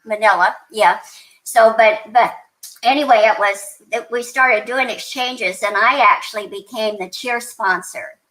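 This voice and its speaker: A woman's voice: fairly high pitch, moderate pace, fairly bright tone, rough recording. An older woman from New Mexico, a podcast guest chatting casually and rambling through stories with lots of restarts and fillers. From New Mexico, USA. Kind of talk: casual interview storytelling.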